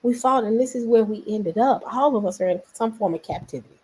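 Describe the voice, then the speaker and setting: A woman from Memphis with a Southern accent, hosting a casual commentary vlog, animated and rambling as she talks straight to her viewers. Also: on the high side, fairly quick, breathy edge. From Memphis, Tennessee. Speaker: vlogger host.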